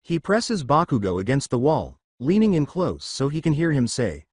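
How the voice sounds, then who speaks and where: A man reads fan fiction aloud in a steady storytelling manner. His voice sits at a middle pitch with lively swings, and the recording is dry and close. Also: normal speed, hardly any pauses, husky, no room sound. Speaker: narrator. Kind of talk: scripted fan fiction narration.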